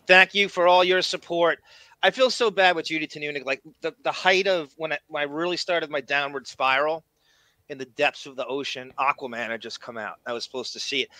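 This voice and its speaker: A man's voice: fairly high pitch, sharp tone, dry recording. A man with a Long Island accent hosting a casual live-stream chat, rambling and self-deprecating. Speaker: show host.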